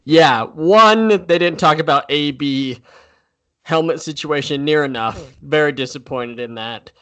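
A man's voice: on the high side, a little slow, a bit bright. A man co-hosting a football podcast, talking in a laid-back, blunt way and swearing casually. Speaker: podcast co-host. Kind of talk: casual chat about football.

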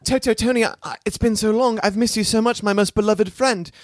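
A man's voice: sits high, fairly quick, a little hiss or hum, voice pushed up, close to an everyday voice. A man voicing an overwrought young male composer in a comic improvised story, pleading and gushing in a raised voice.

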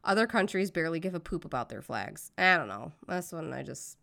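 Outspoken American woman co-host, lower register, casual and profane. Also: very animated, brisk, vocal fry, pushed and bright. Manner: outspoken, swears freely. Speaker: podcast co-host. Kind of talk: casual blunt podcast chat. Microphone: remote call, connection drops.

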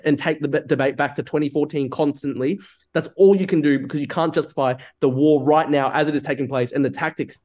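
A man's voice: on the high side, darkish tone. A man from Australia debating over a video call, furious, swearing and interrupting. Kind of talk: heated online debate.

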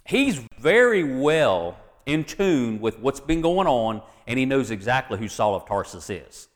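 A man's voice: medium pitch, very animated, a little slow, big-room sound. A man preaching a sermon as pastor, reading scripture with folksy asides and jokes to the congregation.

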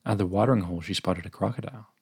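A man reading a children's picture book aloud in gentle, even storybook narration. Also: sits low, very fast, husky, dry recording, clean studio sound.

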